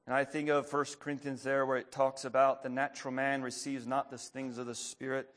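A man preaching a sermon who reads a story aloud, then speaks plainly with pauses and fillers, clearing his throat often. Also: mid-range voice, level tone, fairly bright tone.

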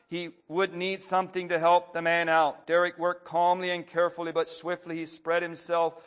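A man preaching a sermon who reads a story aloud, then speaks plainly with pauses and fillers, clearing his throat often. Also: high voice, a bit bright.

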